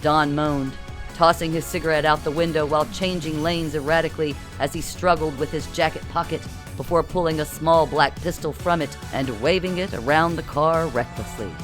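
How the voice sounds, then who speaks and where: An audiobook narrator reading a comic science-fiction story in a brisk, storytelling way. Faint music runs quietly behind the reading. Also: medium pitch, steady tone. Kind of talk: scripted narration.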